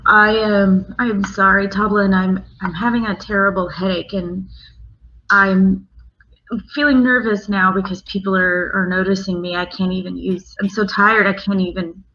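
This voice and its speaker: A woman playing her character in a tabletop game, speaking in a nervous, halting way. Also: medium pitch, fairly even intonation, sharp tone. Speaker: player. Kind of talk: in-character role-play. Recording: dull lo-fi mic.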